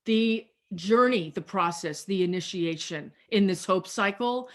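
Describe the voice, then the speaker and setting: Preaching through a video call, this woman pastor speaks in a mid-range voice. Her delivery is measured and repetitive, and she draws out important phrases to stress them.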